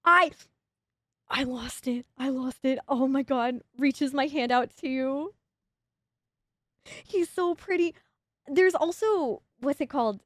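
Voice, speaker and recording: Giddy high-voiced woman streamer. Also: slow pace, long pauses, no echo, studio quality. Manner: giddy, rambling, stumbling restarts and laughter. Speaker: VTuber streamer. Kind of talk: excited casual game stream chat.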